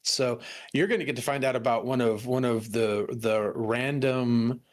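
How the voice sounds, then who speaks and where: A man's voice: mid-range voice, steady tone, unhurried. A young adult man chatting casually on a stream, rambling through stories with many restarts and bursts of laughter. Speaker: stream co-host. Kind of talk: casual chat.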